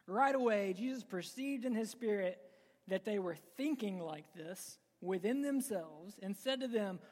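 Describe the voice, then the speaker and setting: A man's voice: sits high, expressive, unhurried, darkish tone. Joking, emphatic male pastor in a reverberant hall. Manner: conversational and joking, with emphatic outbursts. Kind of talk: preaching a sermon to a live congregation. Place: church sanctuary with congregation. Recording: long reverb of a large hall.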